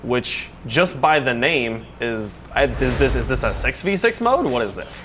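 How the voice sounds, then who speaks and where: A man's voice: medium pitch, big pitch swings, unhurried, a bit bright, a little hiss or hum. A man hosting an esports panel, upbeat and steering the segment, sometimes stumbling over his restarts. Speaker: esports host. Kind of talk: casual esports panel banter.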